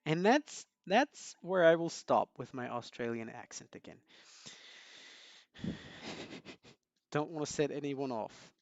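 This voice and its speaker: Slow-talking man chatting with his stream. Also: a little high, lively intonation, dry recording. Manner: friendly, greets chat viewers by name, chuckles often. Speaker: live-stream host. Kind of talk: casual live-stream chat with viewers.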